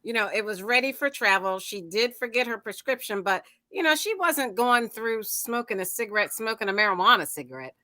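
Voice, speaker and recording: A woman's voice: fairly high pitch, expressive, fairly quick, hardly any pauses, sharp tone. A woman hosting a talk panel, speaking directly and steering the discussion. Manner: direct, moderating. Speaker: host. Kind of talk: casual chat.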